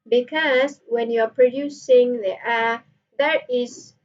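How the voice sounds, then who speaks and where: Slow and steady in tone, a woman with a slightly high voice and a Malaysian accent gives a recorded online phonetics lecture. Playfully mixing Malay and English, she demonstrates sounds. The lo-fi recording was made from a distance.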